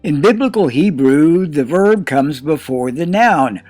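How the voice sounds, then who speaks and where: A man teaching a recorded Hebrew class, explaining plainly and slowing down to sound out Hebrew words. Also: a little high, animated, a little mellow, soft background music. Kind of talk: recorded lesson.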